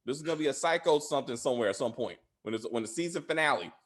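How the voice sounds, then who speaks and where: A man's voice: medium pitch, animated, very fast. A man hosting a casual TV spoiler review, rambling and profane with lots of filler words. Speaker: show host reviewing TV episodes.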